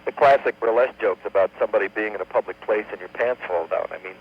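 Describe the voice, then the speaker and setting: A man, a comedian guest on a radio talk show, telling a long joke at an unhurried pace and humming tune bits as he goes. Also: lowish voice, creaky, slightly rough. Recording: dull lo-fi AM radio archive with faint hum.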